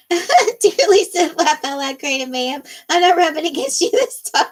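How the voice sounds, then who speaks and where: A giggly middle-aged woman hosts a relaxed livestream, chatting with viewers and reading out their comments. Her voice sits high and she takes her time over the words. She laughs a lot and keeps things bubbly. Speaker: livestream host. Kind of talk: casual live-stream chat, reading viewer comments.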